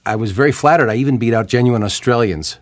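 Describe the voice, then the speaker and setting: A man, a voice actor, recounting how he got the job, brisk and self-deprecating. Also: mid-range voice, dry recording. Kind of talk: interview recollection.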